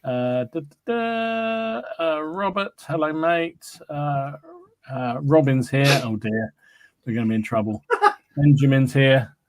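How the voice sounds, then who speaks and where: A man's voice: mid-range voice, slow, slight background noise. A man hosting a casual hobby podcast stream, greeting viewers by name and laughing often, with a cold. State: has a cold. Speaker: podcast host. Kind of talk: casual livestream chat.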